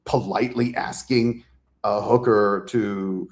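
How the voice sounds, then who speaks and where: A low-voiced man chats as an author guest in a relaxed interview. He rambles with plenty of fillers and acts out the lines people said, swearing without a second thought. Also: slow pace. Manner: animated storyteller, acts out quotes, swears freely; loose and rambling with many fillers. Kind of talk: casual interview chat.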